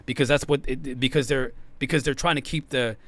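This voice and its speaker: Rapid-fire male debater, insistent, exasperated. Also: mid-range voice, steady tone, a bit bright. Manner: fast, insistent, frustrated arguing. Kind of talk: heated debate.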